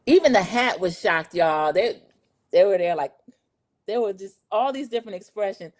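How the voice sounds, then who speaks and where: A woman hosting a podcast, recapping a TV show in a chatty, animated way and talking straight to her listeners. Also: mid-range voice, normal speed, no room sound. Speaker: podcast host. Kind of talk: casual TV recap chat.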